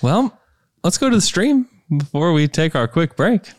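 A man's voice: a little high, big pitch swings, moderate pace, dry recording, studio quality. A man hosting a podcast, chatting casually and reading out viewers' names from the live stream. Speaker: podcast host. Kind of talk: casual chat, reading stream shout-outs.

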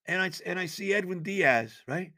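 An older man, hosting a sports podcast and ranting in exasperation with loud, theatrical outbursts. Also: high-pitched, animated, moderate pace, no room sound, clean studio sound. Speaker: podcast host. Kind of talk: sports rant.

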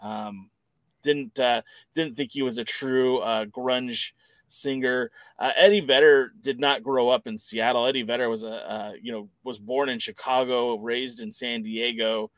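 A man's voice: mid-range voice, steady tone, measured pace, a bit bright, no echo. A man co-hosting a podcast, talking casually in a rambling, opinionated way that often corrects itself mid-sentence. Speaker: podcast co-host. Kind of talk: casual chat.

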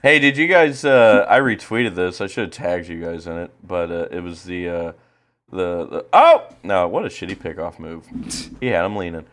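A man's voice: sits low, lively intonation, moderate pace, a bit bright. A man co-hosting a casual podcast, rambling and swearing with lots of fillers while reacting to a baseball game. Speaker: podcast co-host.

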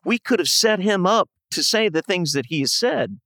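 A man's voice: high voice, moderate pace, dry recording, clean studio sound. A man from Ohio, a podcast guest, chatting casually and telling stories with animation. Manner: animated storyteller.

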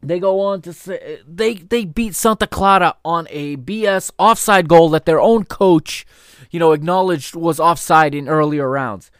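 A man hosting a solo podcast, explaining calmly and then breaking into heated, indignant rants full of swearing. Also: fairly high pitch, unhurried, clean tone, no echo, clean studio sound. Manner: rises from calm explanation into loud, stressed outrage. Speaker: podcast host.

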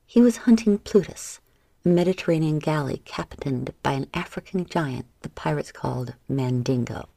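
A woman giving a measured, dramatic audiobook narration. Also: sits low, animated, creaky, warm tone, no room sound. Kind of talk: scripted narration.

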